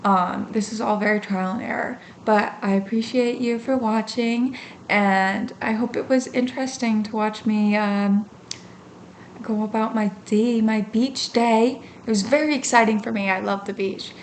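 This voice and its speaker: A young woman with a fairly high voice chats straight to her camera, telling a story with plenty of "like" and "um". She acts out her own reactions as she goes. A faint hiss of background noise sits under her. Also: unhurried. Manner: chatty and animated, lots of fillers, acts out her own reactions. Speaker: vlogger. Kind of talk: casual talking-to-camera storytelling.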